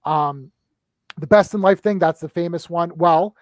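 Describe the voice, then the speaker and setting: A man on a casual live-stream film chat, excitedly retelling scenes in quick bursts, restarting often and tagging on "right?". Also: on the high side, no room sound. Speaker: movie discussion panelist.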